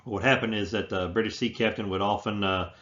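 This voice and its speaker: A man teaching a history lecture, talking in halting phrases full of fillers and restarts. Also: on the low side, fairly even intonation, fairly bright tone, muffled recording. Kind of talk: classroom lecture.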